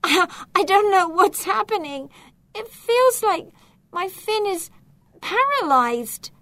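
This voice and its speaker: A woman voicing a brave, stubborn young mermaid girl in a storybook reading, in a raised, bright, strained voice. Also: fairly high pitch, big pitch swings, a little slow, no room sound. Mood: frightened.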